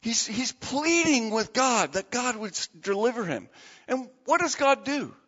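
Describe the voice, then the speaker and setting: Animated, high-voiced male pastor preaching. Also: a little slow, in a large hall, muffled recording. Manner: animated and dramatic, asks the audience questions. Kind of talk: sermon.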